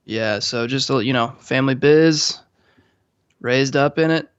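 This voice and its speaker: A man's voice: mid-range voice, a little slow, clean tone, no echo. A young man co-hosting a podcast, joking along in playful mock-serious banter and laughing often. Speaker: podcast co-host. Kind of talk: joking casual chat. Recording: dull lo-fi mic.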